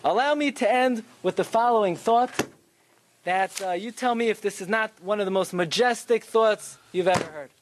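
A man giving a Torah lecture, telling stories with animated rhetorical questions. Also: sits high, moderate pace, slight background noise. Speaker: Torah teacher.

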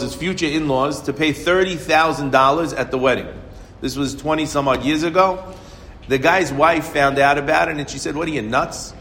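A man giving a Torah lecture, telling a story and acting out each character's lines. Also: fairly high pitch. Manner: animated storyteller acting out dialogue. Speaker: Torah teacher. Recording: reverberant hall, faint ambient noise.

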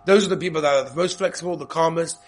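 A man with Yeshivish English, teaching an informal Torah class, lively and repetitive, checking in with "okay?" often. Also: fairly high pitch, racing. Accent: Yeshivish English with Hebrew and Yiddish terms. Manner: lively, repeats points, frequent "okay?" checks.

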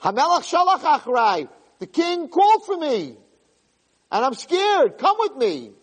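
A man's voice: fairly high pitch, quick pace, slightly rough. A man playing a panicked ordinary man begging for help. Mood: pleading. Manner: anxious, pleading. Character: frightened ordinary man summoned to the king. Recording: long reverberant hall.

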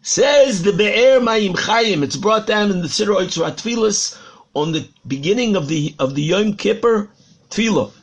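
Gravelly high-voiced rabbi preaching. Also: male voice, expressive, unhurried. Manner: dramatic storytelling, repeating words for emphasis. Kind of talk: Torah sermon.

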